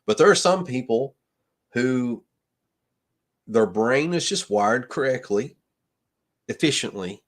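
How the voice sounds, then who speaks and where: A man's voice: medium pitch, animated, takes it slowly, pauses often. A man hosting a live stream, chatting casually with many restarts and fillers, ending on earnest, motivational sign-offs. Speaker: livestream host. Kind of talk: casual livestream chat.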